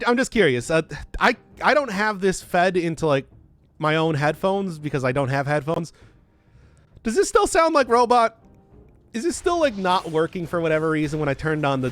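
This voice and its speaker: Midwest guy streaming a game, kinda high voice, super animated, rambly and laughing, faint music behind. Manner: rambling, self-interrupting, quick to laugh. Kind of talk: live gameplay commentary, chatting with viewers. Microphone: desk mic through a mixer.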